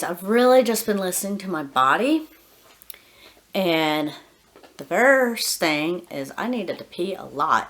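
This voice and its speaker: Low-voiced woman chatting candidly. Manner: candid, rambling, many fillers and soft laughs. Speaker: vlogger, dog groomer. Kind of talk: casual personal vlog.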